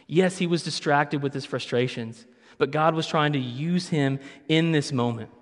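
A man's voice: a little high, normal speed. A man preaching a sermon as pastor, conversational with playful asides. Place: church sanctuary. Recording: long reverb of a church hall.

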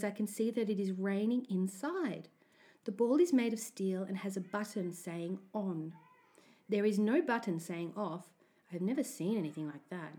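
A woman narrating a children's story aloud in the first person, with an expressive, anxious telling. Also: mid-range voice.

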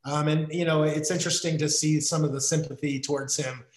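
An American man in casual conversation, talking haltingly with many fillers and restarts. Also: a little high, fairly even intonation, echoey room, rough recording. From United States.

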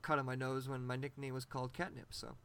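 A man's voice: mid-range voice, flat delivery, quick pace, vocal fry, a bit bright, clean tone. A man hosting a podcast in casual chat, laughing often and swearing loosely. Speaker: podcast host.

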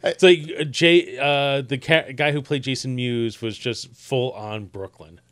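A man's voice: mid-range voice, fairly even intonation, fairly bright tone. Chatty New man. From New Jersey. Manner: chatty, quick to laugh at his own jokes. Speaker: podcast co-host. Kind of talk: casual chat.

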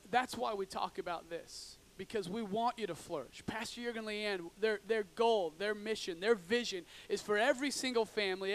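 High-voiced animated preacher man. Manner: animated preaching, acts out frustrated drivers, swings from loud to hushed. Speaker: pastor. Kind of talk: sermon.

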